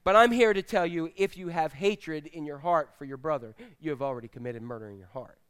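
A preacher voicing a teacher who lays down the true meaning of the law. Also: male voice, on the high side, brisk, a bit bright, smooth, pitched below the performer's own voice, natural voice. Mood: earnest.

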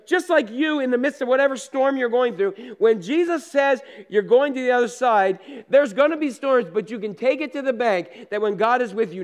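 High-voiced man preaching a casual sermon. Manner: conversational storytelling with down-to-earth asides. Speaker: pastor.

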